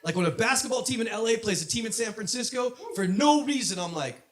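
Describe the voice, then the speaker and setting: A man from Southern California doing a stand-up comedy set on a club stage, punchy delivery that builds to shouted punchlines. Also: high-pitched, expressive, quick pace, very noisy.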